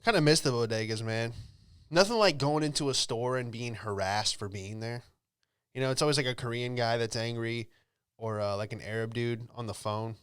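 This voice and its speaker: A man's voice: mid-range voice, moderate pace, a bit bright, clean tone, no room sound, studio quality. A young man, a comedian, riffing casually through a solo comedy monologue in a rambling, offhand way, with lots of fillers. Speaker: comedian and podcast host.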